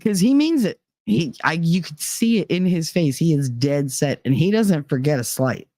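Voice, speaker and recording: Woman podcast host, low voice, dry close sound, swears freely and laughs through her stories. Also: expressive, normal speed, dark tone, dry recording. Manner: candid and profane, laughing between lines. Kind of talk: casual personal storytelling.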